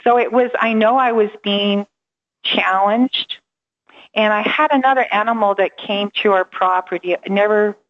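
A woman's voice: medium pitch, normal speed, highs cut off. A middle-aged woman, a coach interviewed as a guest, telling her story with energy, acting out quoted dialogue and laughing often.

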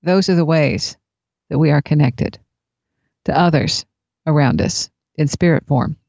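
A woman telling a personal story in a reflective, unhurried way. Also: low-pitched, vocal fry, darkish tone, no room sound. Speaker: speaker sharing spiritual experiences. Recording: dull lo-fi recording.

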